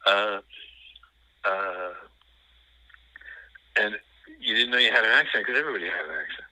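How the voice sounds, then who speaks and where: An older man with a strong New York accent and a very low, deep voice that is also bright and forceful. He talks in a rambling, halting way, full of fillers and restarts, and the sound is dry and close. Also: no echo, low-quality recording. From New York City. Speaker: guest. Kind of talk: conversational interview.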